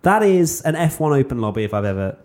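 A man's voice: fairly low pitch, expressive, rapid-fire, a little mellow. Playful man hosting a podcast. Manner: playful, teasing, bouncy delivery. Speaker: podcast host. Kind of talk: casual podcast chat.

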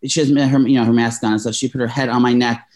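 A man's voice: medium pitch, little pitch movement, quick pace, a little mellow. Rambling, emotional young man telling a story. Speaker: podcast co-host telling a story. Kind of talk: casual chat.

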